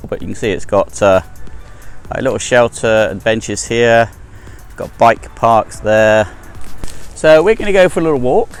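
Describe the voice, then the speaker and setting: A middle-aged man rambles cheerfully through a walking vlog, trading self-deprecating asides with his viewers. His voice sits at an ordinary middle pitch, picked up by a handheld phone outdoors. Soft music plays faintly underneath. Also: measured pace, smooth. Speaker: travel vlogger. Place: outdoors on an overgrown hillside park path. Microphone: handheld phone camera without gimbal.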